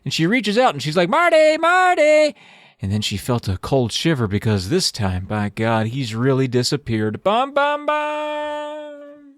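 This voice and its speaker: A man co-hosting a casual podcast, retelling a book's plot with animated, chatty storytelling and a few curses. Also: mid-range voice, normal speed, hardly any pauses, no echo, studio quality. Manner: animated storytelling, swearing, tangents. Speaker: podcast co-host. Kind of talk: casual book recap chat. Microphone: studio mic, livestream.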